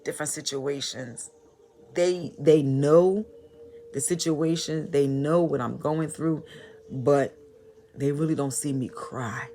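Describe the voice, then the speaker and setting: A woman telling her personal story in a vlog, halting and repeating phrases in a heartfelt way. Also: deep voice, mellow, a little hiss or hum. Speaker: motivational vlogger.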